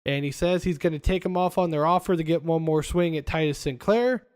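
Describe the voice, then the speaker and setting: Man host, somewhat high voice, retells scenes with acted-out quotes. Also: a little fast, clean tone. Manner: animated retelling, acting out quoted lines. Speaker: podcast host. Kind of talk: casual chat, recapping film scenes.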